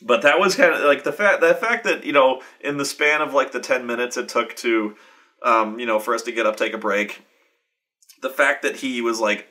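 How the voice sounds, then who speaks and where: A man hosting a show, telling a long, animated, profane story with lots of restarts. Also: mid-range voice, normal speed. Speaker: show host. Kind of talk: casual storytelling.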